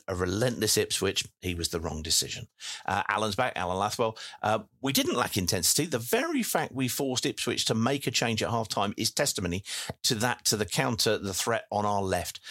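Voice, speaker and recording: A man's voice: fairly low pitch, a bit bright, no room sound, clean studio sound. Chatty man reading fan comments. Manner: reads comments aloud with many fillers and restarts. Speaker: podcast host reading listener messages. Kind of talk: casual post-match chat.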